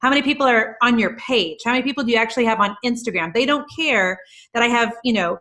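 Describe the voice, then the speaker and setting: This woman's voice runs on the high side with a sharp edge. As a guest entrepreneur in a relaxed video-call interview, she rattles off examples in rapid, emphatic bursts.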